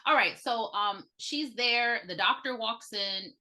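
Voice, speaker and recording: A woman's voice: fairly high pitch, slow pace. A woman co-hosting a podcast, chatting casually and recapping a horror film, acting out the characters' lines. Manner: animated, acts out characters' lines. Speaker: podcast co-host.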